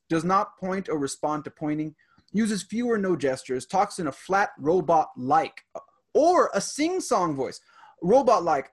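A man with a slightly high voice, reading and explaining. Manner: reads items aloud and adds classroom stories. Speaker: teacher. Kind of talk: casual podcast chat, reading a list.

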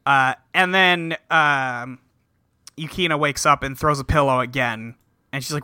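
A man's voice: on the high side, fairly even intonation, unhurried, bright, forceful tone, smooth. A man hosting a podcast, recapping an episode in a rambling, profane, casual way. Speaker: podcast host.

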